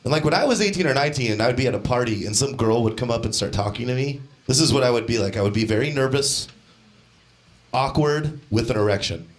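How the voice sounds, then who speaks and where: A young man doing a stand-up comedy set on a club stage, deadpan, now and then shouting out the lines of the people in his stories. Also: mid-range voice, quick pace. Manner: deadpan, acts out quoted characters with shouted voices. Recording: live club set with crowd laughter. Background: audience laughter.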